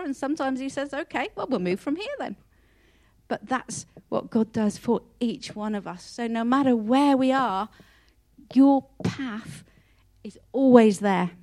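A woman's voice: on the high side, dark tone. A woman giving a heartfelt personal devotional talk, earnest and emotional, often repeating and restarting her words. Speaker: Christian speaker.

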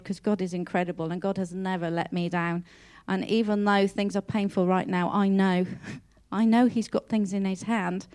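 A woman's voice: mid-range voice, warm tone. Earnest, heartfelt woman. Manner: repeats and restarts words. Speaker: Christian speaker. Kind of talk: personal devotional talk.

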